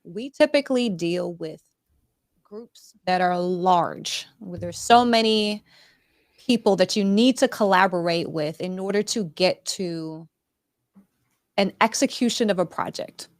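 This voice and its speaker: A woman's voice: lowish voice, measured pace, no room sound, clean studio sound. A woman hosting the interview, talking with frequent hesitations while asking questions and framing topics. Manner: hesitant, many fillers and restarts. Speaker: host, workplace and construction industry. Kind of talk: conversational interview.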